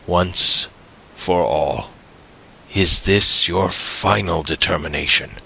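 A man's voice: deep voice, slow pace, vocal fry, sharp tone, breathy edge, full character voice. A man reading an audiobook, voicing a brooding, jealous young man who talks in a tense, pleading way.

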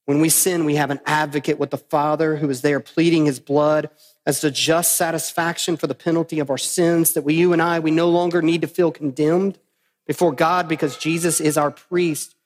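Male pastor, emphatic sermon delivery, somewhat high voice, reverberant sanctuary. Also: flat delivery, moderate pace. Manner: emphatic, repeats phrases for stress.

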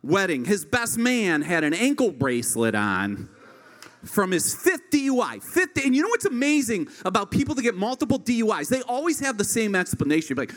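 A man's voice: sits high, normal speed, in a large hall. A man from rural Ohio, in his thirties, telling a stand-up story and acting out the voices of the people in it. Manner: animated, acts out voices in his stories. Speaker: stand-up comedian.

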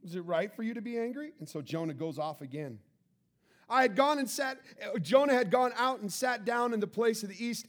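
A male pastor delivers a sermon in a high, bright-sounding voice. He reads scripture and acts it out, breaking into laughter and loud, excited outbursts.

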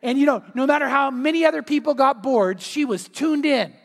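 High-voiced pastor in a reverberant hall. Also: male voice, brisk, gravelly. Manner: storytelling, lively and emphatic. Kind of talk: sermon. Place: church sanctuary.

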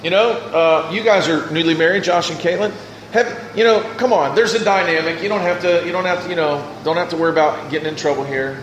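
High-voiced preaching pastor, echoey room. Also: male voice, a little fast, fairly bright tone, a little hiss or hum. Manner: preaching with acted-out quotes and scripture reading. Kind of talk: sermon.

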